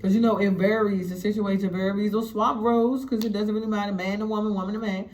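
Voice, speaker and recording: A woman recounts a story in a casual, animated way. She swears freely and acts out what others said. Her voice sits at a middle pitch. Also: quick pace. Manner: animated, profane, acts out quotes.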